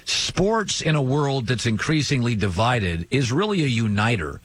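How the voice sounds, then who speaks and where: A man's voice: mid-range voice, sing-song, normal speed, few pauses. A man hosting a sports talk show, chatting conversationally and asking his guest questions. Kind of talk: interview conversation.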